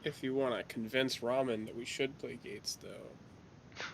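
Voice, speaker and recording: A mid-pitched man talking over voice chat, rambling and hesitant as he explains his team's troubles. A faint rumble hums behind him. He leans on "like" and restarts his sentences often. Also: steady tone, measured pace, creaky. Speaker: team player. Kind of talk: casual team discussion.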